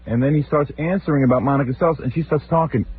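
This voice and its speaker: A man hosting a radio show, telling comic stories in an animated, exasperated rant and mimicking his relatives. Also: on the high side, racing. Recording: tinny phone-like old radio recording with faint hiss.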